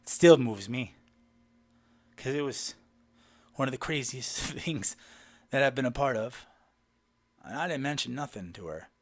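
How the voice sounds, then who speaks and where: A man telling a personal story in a lively way, retelling the dialogue line by line. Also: medium pitch, unhurried, long pauses. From Southern United States. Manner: animated, retells dialogue with "I go" and "she goes".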